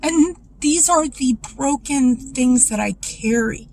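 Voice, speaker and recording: A woman vlogger speaking in a raw, emotional personal monologue, confessional and tearful, her voice dropping low when upset. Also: lively intonation, moderate pace, hardly any pauses, a little hiss or hum, rough recording.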